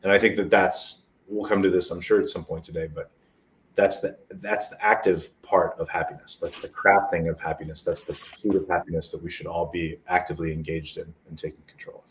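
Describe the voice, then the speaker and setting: Man in his forties, very low voice, rambling earnest storyteller, mic set far away. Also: flat delivery, fairly quick, a little hiss or hum. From New Jersey, USA. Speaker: guest, motivational speaker. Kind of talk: casual interview talk. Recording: voice distant from the mic.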